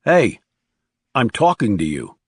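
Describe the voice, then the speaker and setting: A man's voice: mid-range voice, normal speed, no echo, clean studio sound, natural voice. A man narrating an audiobook voices a tough male assassin with a terse, clipped delivery.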